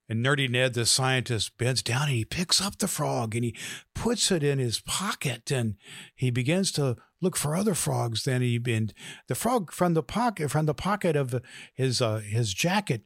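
A man hosting a podcast, earnestly encouraging listeners and telling a slow joke. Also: medium pitch, expressive, dry recording, clean studio sound. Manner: earnest, with fillers, slow storytelling. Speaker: podcast host.

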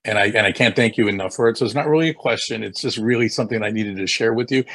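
A man from the audience speaking haltingly, repeating words as he shares his thanks. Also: fairly low pitch, fairly bright tone. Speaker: audience member. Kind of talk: sharing thanks at an event.

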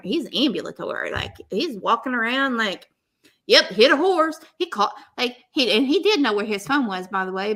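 A woman, telling a story in casual chat and acting out both sides of the dialogue. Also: fairly high pitch. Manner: animated, laughing, acts out both sides of dialogue.

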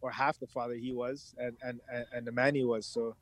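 A man talks candidly as a guest on a podcast, slowly finding his words and often restarting. His voice sits at an ordinary pitch. The recording is dry, with no room echo. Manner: reflective, halting, many restarts, animated when imitating his father. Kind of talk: candid conversational interview.

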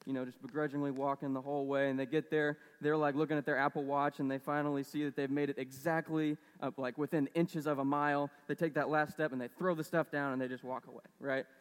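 A man's voice: on the high side, flat delivery, fast, few pauses, clear, resonant tone, big-room sound. A man preaching a casual sermon, conversational and storytelling, with lots of fillers. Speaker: pastor.

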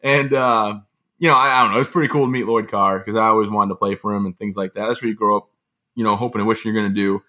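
Guest: man from Michigan, motivational speaker, bright and forceful tone, easygoing anecdote teller. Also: on the low side, quick pace. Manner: lively, self-mocking, often laughing and acting out quotes. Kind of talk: casual anecdotal storytelling.

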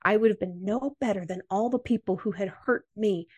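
A woman with an American accent, a podcast guest, telling a personal story in an interview in an earnest, measured way. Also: medium pitch, darkish tone, breathy edge.

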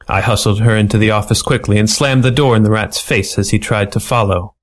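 A man reading a funny noir animal story aloud with a playful, deadpan delivery. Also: lowish voice, normal speed, few pauses. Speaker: story reader. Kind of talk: storybook narration.

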